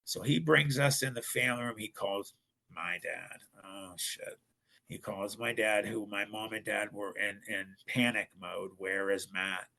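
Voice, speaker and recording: A man from northern Ohio, a podcast guest, telling a personal story in an animated way and acting out what other people said. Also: fairly low pitch, measured pace, vocal fry, low-quality recording. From northern Ohio, USA. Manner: animated, acts out other people's lines, frequent restarts.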